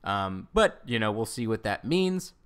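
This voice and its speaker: A man with a fairly low voice talks through entertainment news in a casual video commentary. He rambles and often corrects himself, with plenty of fillers. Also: sing-song, unhurried, a bit bright, smooth. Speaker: Star Trek news commentator.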